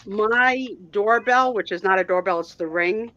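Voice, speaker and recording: A woman's voice: medium pitch, unhurried, sharp tone, dull audio. A woman chatting casually as a guest on a live stream, rambling with restarts over a video call. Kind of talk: casual chat.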